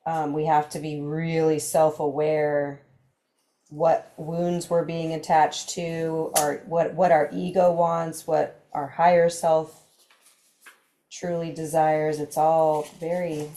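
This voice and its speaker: A woman with a low, mellow voice hosts a casual book club conversation. She reads short passages aloud and then muses on them, trailing off and filling pauses as she thinks. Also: little pitch movement. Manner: thoughtful, trails off mid-sentence with fillers. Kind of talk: casual group discussion, reading passages aloud.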